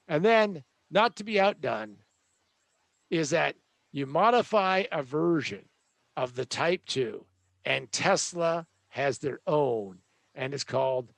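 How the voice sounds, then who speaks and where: High-voiced man ranting about gadgets. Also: dry recording. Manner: sarcastic, joking, rambling. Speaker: host. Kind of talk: comedic tech rant.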